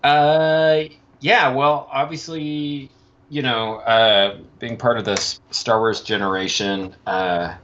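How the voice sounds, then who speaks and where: A man's voice: mid-range voice, steady tone, takes it slowly, a bit bright, dull audio, slight background noise. A man guest answering an interview hesitantly, with many fillers. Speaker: guest, prop collector. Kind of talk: casual interview.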